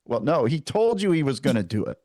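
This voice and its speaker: A man who hosts his own political show makes his points in a measured, emphatic way. His voice sits at a middle pitch and sounds dry and close. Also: big pitch swings, warm tone, dry recording. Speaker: guest, podcast host. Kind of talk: casual political chat.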